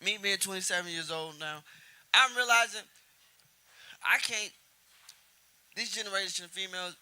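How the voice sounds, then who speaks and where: A man in his twenties doing a profane stand-up comedy set, telling stories and shouting out quoted lines. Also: sits high, moderate pace, smooth. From Houston area. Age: 20s. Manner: brash, profane storytelling with loud acted-out quotes. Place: comedy club stage.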